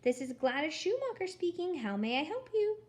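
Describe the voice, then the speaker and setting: A woman voicing a sugary-sweet company clerk in an annoyingly sweet, high voice. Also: very animated, a little fast, darkish tone.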